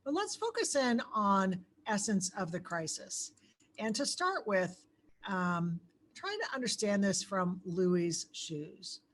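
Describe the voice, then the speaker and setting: A woman giving a conversational crisis-training lecture, pausing often on ums and putting questions to her audience. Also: medium pitch, very animated, slight background noise. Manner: asks the audience questions, many filler ums.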